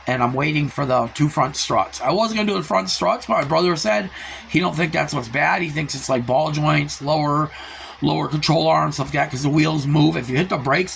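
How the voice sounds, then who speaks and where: A man venting in a casual vlog, telling stories with loud quoted outbursts and swearing. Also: on the high side, moderate pace, gravelly, a little hiss or hum. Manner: animated storytelling with loud quoted outbursts and profanity. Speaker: car reseller vlogger.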